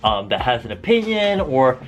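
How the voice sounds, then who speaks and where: A man's voice: medium pitch, very animated, moderate pace. A young American man answering viewer questions in a casual vlog. He swears a lot and rambles off on tangents. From United States.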